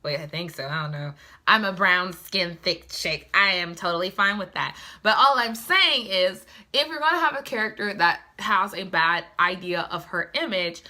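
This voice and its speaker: A young woman giving a casual, chatty book review, sassy and animated with lots of asides. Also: on the low side, moderate pace.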